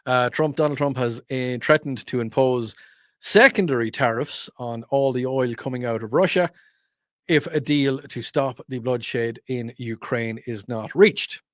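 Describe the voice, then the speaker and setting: A man's voice: mid-range voice, a little slow, fairly bright tone, no echo, studio quality. A man hosting, delivering a rambling, wry, opinionated monologue full of asides. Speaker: host. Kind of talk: opinionated radio-style monologue.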